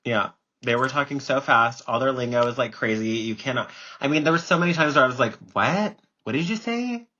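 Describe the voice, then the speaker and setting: A man's voice: medium pitch, steady tone, fast, sharp tone, highs cut off. A young man co-hosting a podcast, chatting in a gossipy, emphatic way and swearing freely. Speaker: podcast co-host. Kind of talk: casual chat.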